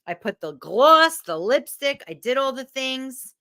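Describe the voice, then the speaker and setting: Woman, motivational coach, lively pitch, emotional, candid, curses a lot. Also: a little slow. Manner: emotional, candid, swears freely; animated. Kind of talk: motivational talk to camera.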